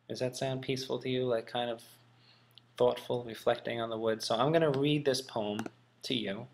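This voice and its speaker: A man's voice: medium pitch, fairly even intonation, normal speed, creaky, slight background noise. A man teaching in a casual, musing way, thinking aloud with frequent ums. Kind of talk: casual classroom explanation.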